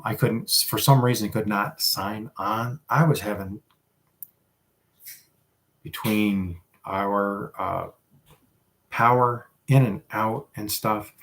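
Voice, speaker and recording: A man hosting a casual livestream, chatting with viewers in a rambling, self-deprecating way. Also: fairly low pitch. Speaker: livestream host.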